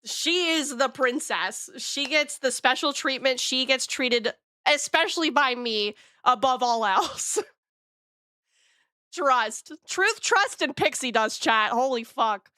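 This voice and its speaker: A young adult woman streaming from home, chatting casually in a gushing, excitable way and swearing freely, close on the mic. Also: high-pitched, slow pace, dry recording. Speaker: VTuber streamer. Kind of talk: casual live-stream chat.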